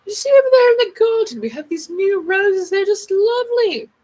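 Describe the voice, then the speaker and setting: A woman's voice: extremely high pitch, expressive, normal speed, a little mellow, voice pushed up. A woman putting on a posh upper-class English lady in an affected received-pronunciation accent, plummy and theatrical. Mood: genteel. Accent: affected British received pronunciation.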